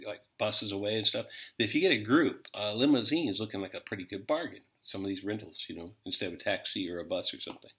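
A man's voice: on the low side, fairly bright tone. A middle-aged American man giving a casual, rambling language lesson with jokes and many fillers. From United States. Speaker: language teacher.

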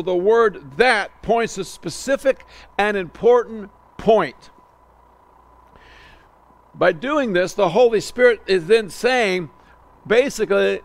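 A man with a raised, gravelly voice preaches an expository sermon. He works through a verse slowly and deliberately, drawing out the words he wants to stress and often restarting a phrase before going on. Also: high voice, lively intonation. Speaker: pastor.

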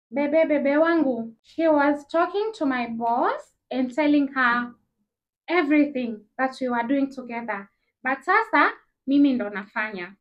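A young woman with a Kenyan accent tells a casual storytime in a high voice. She jumps between English and Swahili slang and acts out each person in the story. The recording sounds slightly dull and lo-fi. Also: unhurried. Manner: animated, acts out dialogue with shifting voices. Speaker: vlogger.

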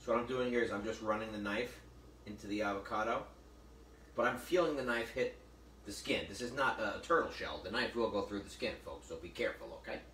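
A man's voice: fairly low pitch, fairly quick, pushed and bright. A man hosting a live cooking demo as a chef, chatty and joking, often calling his viewers folks while he works. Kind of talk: live cooking demonstration with storytelling. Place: kitchen or library demo room. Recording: roomy, distant mic with faint noise.

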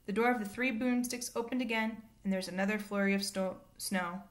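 A woman reads a novel aloud at a steady pace. Her narration is plain and even, in a clear storytelling voice. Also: mid-range voice, brisk. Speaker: reader.

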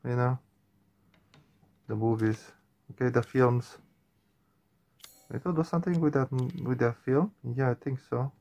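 Man reacting to a horror game for viewers; spooked, swearing, unhurried delivery, mid pitch. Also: vocal fry, mellow. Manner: jumpy, swearing, talks to viewers. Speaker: gaming channel host.

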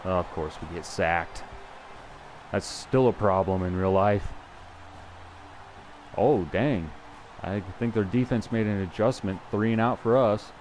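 A young man with a fairly low, darkish voice provides casual live commentary on the football video game he's playing. He's chatty and self-deprecating, thinks out loud and restarts his sentences, speaking unhurriedly with long pauses over a faint hum.

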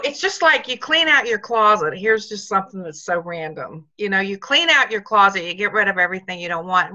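A woman's voice: medium pitch, expressive, fairly quick, hardly any pauses, bright, forceful tone, highs cut off. A woman team leader giving upbeat, repetitive motivational coaching on a video call.

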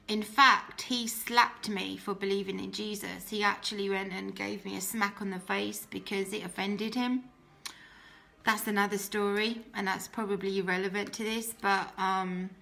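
A woman's voice: mid-range voice, vocal fry, sharp tone. A young woman tells her personal faith testimony in an earnest, heartfelt way, often restarting her sentences.

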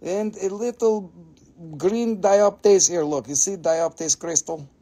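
A man hosting a live stream sale, joking, excitable and swearing freely while laughing often. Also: high-pitched, takes it slowly. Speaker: host selling minerals. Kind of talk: live stream sales chat.

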